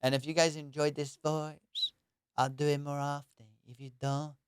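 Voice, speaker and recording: Man, young adult, comedy podcast host, high, rambling and jokey, smooth resonant voice, dry close sound. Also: level tone, normal speed, no echo. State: high on cannabis. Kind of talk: casual solo podcast chat.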